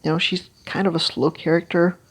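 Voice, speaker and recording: A casual game strategy guide creator explaining team builds haltingly, with many fillers and restarts, and clearing their throat now and then. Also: mid-range voice, flat delivery, poor audio.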